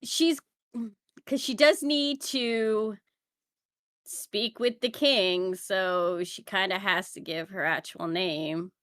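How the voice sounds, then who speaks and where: A woman playing a tabletop game, making quick chatty remarks out of character. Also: medium pitch, a bit bright, clean tone, dry recording, studio quality. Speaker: player. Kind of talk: casual tabletop play.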